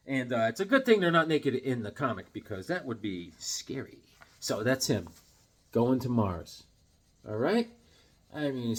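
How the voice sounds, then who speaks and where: A man in a casual vlog, excitedly showing off his comic collection with rambling, self-deprecating asides. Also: mid-range voice. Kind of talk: casual show-and-tell vlog.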